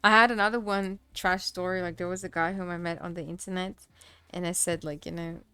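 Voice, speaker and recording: A woman's voice: on the low side, fairly even intonation, a little fast, pushed and bright, clean tone, no room sound, soft background music. A young woman from Kazakhstan, telling personal stories on a livestream in a rambling way full of "like" and "you know". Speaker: streamer. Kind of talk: casual storytelling on a livestream.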